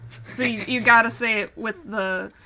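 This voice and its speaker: A woman streaming casually while drawing, chatting and laughing often, getting animated when she tells a story. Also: fairly high pitch, unhurried, slight background noise.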